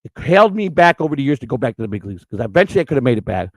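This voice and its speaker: Fast-talking, blunt middle-aged man. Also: medium pitch, very animated, dry recording, poor audio. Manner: blunt and profane; fast, run-on retelling with restarts. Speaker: storyteller recalling his work. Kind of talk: casual storytelling.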